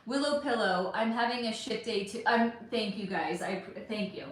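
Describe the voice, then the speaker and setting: A woman's voice: medium pitch, normal speed. A woman hosting a psychic livestream, chatting candidly with viewers and swearing freely as she answers their comments. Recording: very echoey room.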